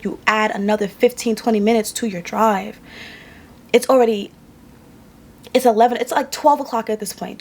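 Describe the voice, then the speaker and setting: Tired woman vlogger telling a story. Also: a little high. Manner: emphatic, repeats lines for effect. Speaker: vlogger and makeup artist. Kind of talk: casual storytelling to camera.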